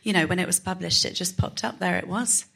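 A woman's voice: lowish voice, steady tone, fairly quick, gravelly, bright, forceful tone. A woman chatting casually as a podcast guest, talkative and self-mocking, with laughing asides. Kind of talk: casual chat.

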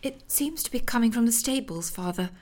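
A woman's voice: a little high, animated, a little fast, a little mellow, voice pushed up, close to an everyday voice. A woman voicing a timid, awkward young adult daughter who speaks in a meek, piping voice.

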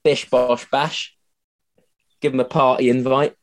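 A man's voice: mid-range voice, flat delivery, measured pace. A man, a comedian being interviewed on a podcast, chatty and self-mocking, swearing freely and often restarting his sentences. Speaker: comedian guest.

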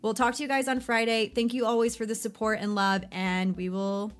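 A woman's voice: fairly high pitch, flat delivery, brisk, over loud music. A woman co-hosting a podcast, chatting casually and quizzing her co-host.

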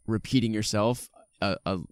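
A man speaking as a podcast guest, relaxed and reflective, often searching for words, recorded outdoors in a park. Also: lowish voice, normal speed, clean tone, no echo. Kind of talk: casual podcast chat. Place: outdoors in a park under a tree.

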